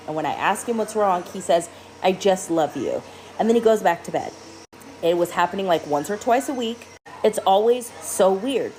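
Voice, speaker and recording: A mother telling a storytime video in an animated, exasperated way. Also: on the low side, a little hiss or hum, rough recording.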